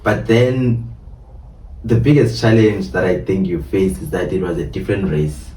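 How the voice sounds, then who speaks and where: A man's voice: deep voice, steady tone, moderate pace, warm tone. A man hosting a casual interview, asking questions and giving short, supportive replies. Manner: brief supportive backchannels. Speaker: host. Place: in a car. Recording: roomy sound, mic at a distance.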